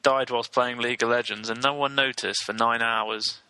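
A man hosting a casual podcast chat, quick with jokes and teasing. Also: mid-range voice, steady tone, bright, forceful tone, smooth. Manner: joking, quick, tells gags.

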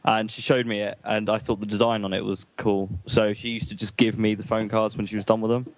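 Low-voiced hesitant young man. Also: level tone, a little fast, rough recording. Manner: hesitant, rambling, restarts. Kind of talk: casual chat among friends.

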